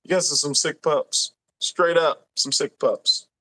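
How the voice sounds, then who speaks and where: Laid-back slow-talking male stream host. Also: fairly high pitch, steady tone, bright, forceful tone. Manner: laid-back, laughing, drawn-out readings. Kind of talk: casual live stream chat reading comments.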